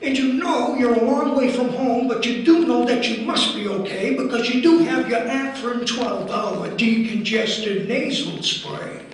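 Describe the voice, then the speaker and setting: Man impersonating a wry veteran comic; high-pitched, echoey conference hall, off-mic. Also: unhurried, hardly any pauses, slight background noise. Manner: sardonic, rhythmic build-ups of lists. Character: older male stand-up comic, wry and ranting. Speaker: comedian doing an impression at a conference. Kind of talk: stand-up impression. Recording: echoey hall, heard from far off.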